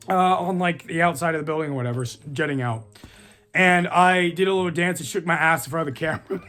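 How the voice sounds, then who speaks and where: A man's voice: high voice, pushed and bright. A young man casually telling a funny story from his own life, rambling with lots of "like", swearing and laughing as he goes. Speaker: channel host.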